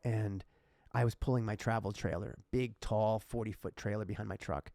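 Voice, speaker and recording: A man's voice: lowish voice, fairly even intonation, moderate pace, gravelly, dark tone, no echo, clean studio sound. A man hosting a casual podcast, telling a personal story in a heartfelt, emotional way. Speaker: podcast host.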